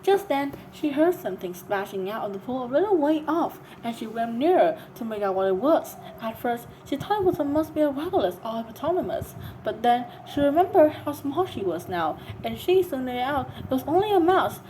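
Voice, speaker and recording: A woman's voice: high voice, very animated, brisk, hardly any pauses, dark tone, slight background noise, poor audio. A woman reading a storybook aloud, narrating with some stumbles. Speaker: reader.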